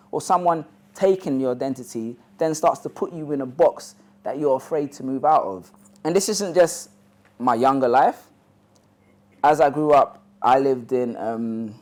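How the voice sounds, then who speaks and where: This man's voice is medium-pitched and a little mellow, with a London accent; he's originally from Ghana. As a motivational speaker, he shares a personal story with a live audience in a loose, chatty way, sprinkling in "you know" asides.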